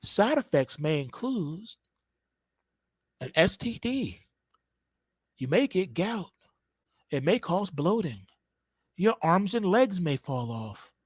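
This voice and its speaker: A man voicing a calm, grandmotherly drug-ad narrator with a soft, even, reassuring read. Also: sits high, takes it slowly, long pauses, husky, no echo, studio quality, exaggerated voice.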